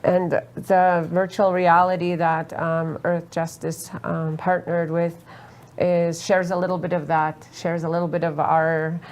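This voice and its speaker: A woman from Alaska speaking earnestly on a festival panel, halting with many fillers and close to tears. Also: lowish voice, little pitch movement, darkish tone. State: emotional, near tears. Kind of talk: panel talk, personal testimony. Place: festival roundtable.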